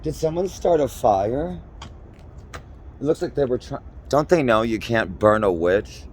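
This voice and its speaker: Campy, slow-talking man in his forties. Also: mid-range voice, animated, a little hiss or hum. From Minnesota, USA. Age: 40s. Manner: theatrical, campy, rambling jokes. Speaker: vlogger. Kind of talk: improvised comedic monologue. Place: outdoors on city streets.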